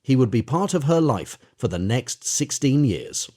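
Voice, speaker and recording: Guy reading an audiobook, kinda husky and mellow, gentle and measured. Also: mid-range voice, very animated. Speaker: audiobook narrator. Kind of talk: audiobook narration of an interview account.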